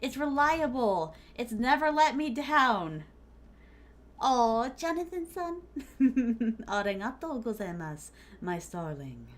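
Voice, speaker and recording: Slow and a little high-pitched, this woman's voice swings widely in pitch as she streams a game. The VTuber talks playfully to her chat, the "my starlings," giggling often, using Japanese phrases, and peppering her casual gaming banter with fillers such as "like."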